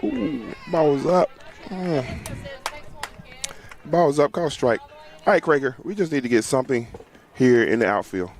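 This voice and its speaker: A man calls a youth softball game from the sideline in a loose, talkative way. He laughs easily, cheers players on by name and talks to the people watching. He is recorded outdoors at the field. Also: medium pitch, a little slow, pauses often, slight background noise. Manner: chatty, laughs often, talks to viewers and players. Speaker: sideline livestream commentator. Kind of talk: casual play-by-play commentary.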